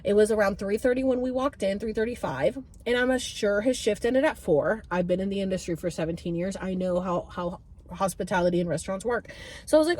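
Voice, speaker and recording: A woman in her thirties telling stories to camera in a chatty, animated way, swearing now and then. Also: mid-range voice, a little fast. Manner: chatty, animated, swears freely, many fillers. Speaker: vlogger. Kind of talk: casual storytelling to camera.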